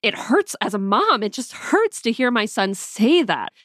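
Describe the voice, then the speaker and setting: A woman in her thirties, a mother, recounting a difficult morning in a candid, reflective way with the odd soft laugh. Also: fairly high pitch, sing-song, unhurried, few pauses, dry recording, clean studio sound. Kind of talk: personal storytelling.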